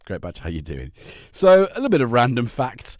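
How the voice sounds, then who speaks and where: A man's voice: medium pitch, huge pitch swings, a little fast, darkish tone, no echo. A man hosting a casual livestream from his home music studio, rambling cheerfully and greeting viewers by name. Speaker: livestream host.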